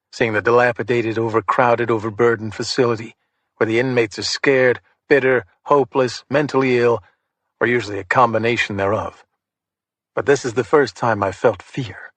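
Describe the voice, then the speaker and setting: A man's voice: medium pitch, fairly bright tone, no room sound. Man narrating a hard-boiled crime thriller. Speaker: audiobook narrator. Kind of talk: first-person audiobook narration.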